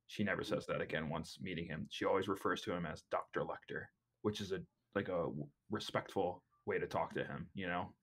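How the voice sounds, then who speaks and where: Low-voiced man, halting podcast chat. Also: gravelly, fairly bright tone, husky. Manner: halting, repeats words while thinking. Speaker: podcast co-host. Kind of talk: casual film discussion.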